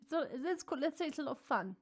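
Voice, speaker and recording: A woman's voice: sits high, lively intonation, quick pace. A woman from England with an English accent, a singer-songwriter chatting casually between songs on a live stream, rambling and cutting herself off with lots of likes. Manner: rambling, self-interrupting, chatty with many likes.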